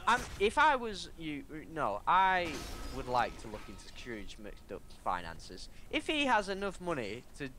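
A man's voice: on the high side, huge pitch swings, unhurried, hardly any pauses, sharp tone, soft background music. A man co-hosting a let's play, chatting casually and teasing his friend with jokes. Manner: teasing, joking banter. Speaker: co-host. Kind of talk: casual chat over gameplay.

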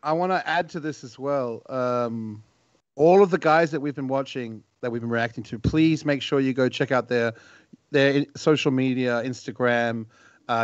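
A man who grew up in New Zealand, co-hosting a beatbox reaction livestream in a relaxed, chatty way. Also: mid-range voice, no room sound, lo-fi sound. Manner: relaxed, chatty, laughs often. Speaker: co-host of a beatbox reaction stream. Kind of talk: casual livestream chat.

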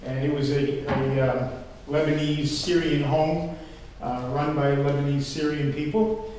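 A man's voice: on the high side, fairly even intonation, unhurried, a little mellow, a little hiss or hum. An older man preaching a sermon as pastor, telling stories in a rambling, conversational way with fillers. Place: church sanctuary. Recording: echoey hall from far off, faint ambience.

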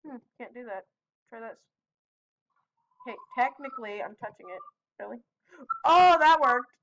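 A woman giving casual gameplay commentary with friends, excitable, with yelping protests and quick asides. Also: fairly high pitch, slight background noise, rough recording. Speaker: gaming video host.

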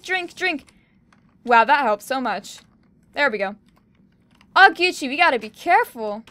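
Excitable high-voiced young woman gamer. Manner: excitable, shrieking at kills and cheering. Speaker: gaming YouTuber. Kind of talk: live gameplay commentary.

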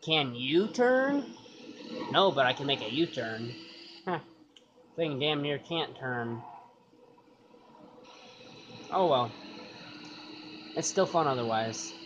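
A man's voice: mid-range voice, takes it slowly, pauses often. A man giving loose, rambling gameplay commentary, cursing casually and thinking aloud. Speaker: gaming YouTuber. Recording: dull lo-fi sound with clear noise.

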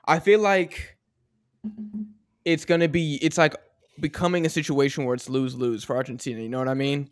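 American dude on a football podcast, slangy and fired up, kinda higher voice. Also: male voice, fairly quick, no room sound. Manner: animated, ranting in slang. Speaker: podcast co-host. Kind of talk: casual sports chat.

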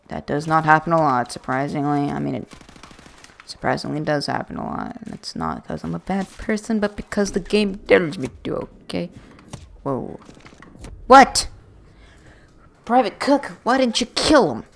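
A woman's voice: low voice, sing-song, measured pace, creaky. A woman giving chatty, rambling let's-play commentary with self-mocking jokes, into a USB desk microphone. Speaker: gaming video creator.

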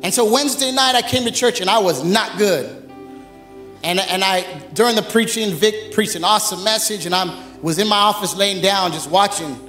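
A man preaching as pastor, in a lively, conversational sermon full of humor, while recovering from bronchitis. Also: high-pitched, moderate pace, soft background music. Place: church sanctuary. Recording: echoey church hall.

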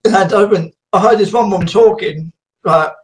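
High-voiced chatty man. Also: moderate pace. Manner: rambling, chatty, laughs often. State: slightly croaky. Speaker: host. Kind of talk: casual video chat.

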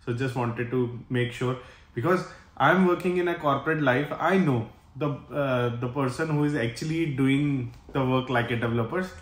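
A man with an Indian accent co-hosting a casual reaction video, chatty and quick to laugh. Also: mid-range voice, roomy sound. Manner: chatty, laughs often, restarts sentences. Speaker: reaction channel co-host.

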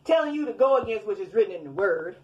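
A woman's voice: medium pitch, sing-song, fast talker, highs cut off. A woman preaching in a fiery, scolding rant at her online commenters, repeating her points. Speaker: self-styled preacher.

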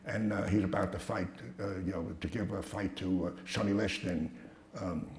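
A man's voice: low-pitched, fairly even intonation, normal speed, darkish tone. An older man telling blunt, profane stories to an audience, stammering and restarting as he goes. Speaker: speaker at a talk. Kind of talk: anecdotal storytelling talk. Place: hall with a live audience. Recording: echoey hall with some noise.

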